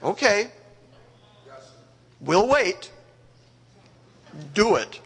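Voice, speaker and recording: A male preacher delivering a sermon, emphatic and speaking directly to his listeners. His high voice moves slowly with wide, lively swings. A long hall reverb follows each phrase. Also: slightly rough. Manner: emphatic, conversational, addresses the congregation directly.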